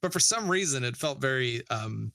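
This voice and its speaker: A man's voice: mid-range voice, expressive, normal speed, vocal fry, bright, forceful tone, no echo, clean studio sound. A man co-hosting a film podcast, speaking casually and hesitantly as he searches for words. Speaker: podcast co-host.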